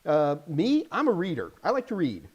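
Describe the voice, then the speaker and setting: A chatty, animated man hosting a casual live question-and-answer stream. He teaches IT certification and drops jokey asides as he goes. His voice sits fairly high for a man. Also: normal speed, breathy edge, muffled recording. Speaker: host and IT certification instructor.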